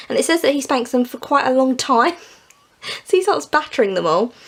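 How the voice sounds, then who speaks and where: A young woman retelling and reviewing stories in a casual, chatty way, laughing often and saying "like" a lot. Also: a little high. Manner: chatty, giggly, peppered with "like". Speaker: book vlogger.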